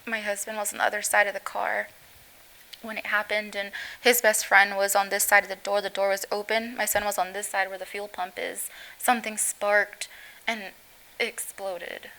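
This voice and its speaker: Bright-voiced mother recounting haltingly. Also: mid-range voice, level tone, low-quality recording. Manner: halting, voice breaking as she recounts. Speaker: guest, mother of injured teen. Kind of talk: emotional recounting in interview.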